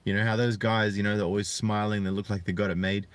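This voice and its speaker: A man in his thirties talking earnestly and reflectively to viewers on a live stream, often halting to find his words. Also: lowish voice, flat delivery. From Australia. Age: 30s. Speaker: channel host. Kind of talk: live-streamed personal talk.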